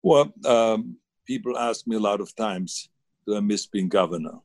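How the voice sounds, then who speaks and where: A man's voice: lowish voice, moderate pace, darkish tone, dry recording. Older man, rambling chat. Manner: rambling, many fillers and restarts. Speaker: guest, former governor. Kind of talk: casual interview on a video call. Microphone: video call.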